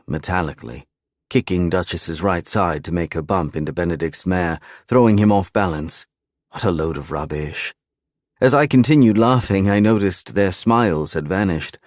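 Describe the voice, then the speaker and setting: Low-voiced, animated male audiobook narrator. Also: normal speed, no echo, clean studio sound. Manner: expressive, dramatic reading. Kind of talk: first-person romance audiobook narration.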